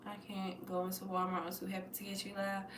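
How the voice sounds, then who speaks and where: A young American woman hosting a casual livestream, animated and profane, swinging between mutters and loud bursts. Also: mid-range voice, fast talker, reverberant, noisy background. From United States. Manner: profane, playful. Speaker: livestream host.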